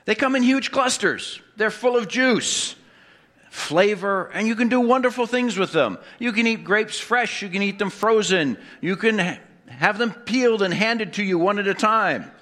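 A man's voice: sits high, lively intonation, normal speed, bright, forceful tone. A man preaching a sermon to his congregation, quizzing them with questions and dropping wry jokes. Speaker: pastor.

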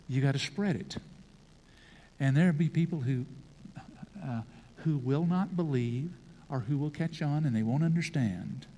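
A man preaching an emphatic, animated sermon and acting out scripture scenes. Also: fairly high pitch, a little slow, pauses often. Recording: long hall reverb.

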